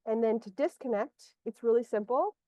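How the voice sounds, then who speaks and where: A woman energy healer, voice on the high side with a dark tone and moderate pace, guides one client over a video call. She drifts and fishes for words out loud. The lo-fi audio is muffled, without room sound.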